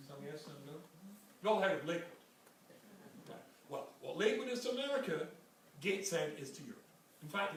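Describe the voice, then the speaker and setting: English rabbi in an echoey hall. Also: male voice, fairly high pitch. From England. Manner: storytelling, joking asides. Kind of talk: Torah lecture with anecdotes. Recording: very echoey hall, from far off, faint noise.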